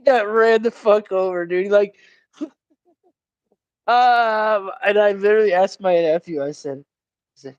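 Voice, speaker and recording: A man's voice: high-pitched, a little slow, pauses often, clean tone, no echo, dull audio. A man hosting a casual chat, laid-back, swearing freely and laughing often. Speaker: host.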